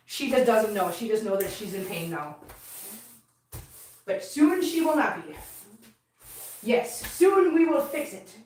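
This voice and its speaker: A woman's voice: medium pitch, slight background noise. A woman chatting earnestly to her viewers and cats while she cleans up at home. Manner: earnest, baby talk to cats. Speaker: cat channel vlogger. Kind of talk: casual chat while cleaning. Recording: echoey room, from a distance.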